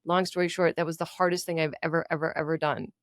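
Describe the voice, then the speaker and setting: A woman's voice: deep voice, steady tone, fast, no room sound, clean studio sound. A woman co-hosting a podcast, telling a dating story in casual chat, laughing often and acting out her own thoughts. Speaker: podcast co-host.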